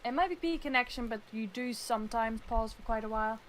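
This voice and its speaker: A woman speaks on a casual voice call in a slightly high voice. She is measured and careful, softening her points as she goes. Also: slight background noise. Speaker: guest. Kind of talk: casual interview over voice chat. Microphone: computer mic on a voice call.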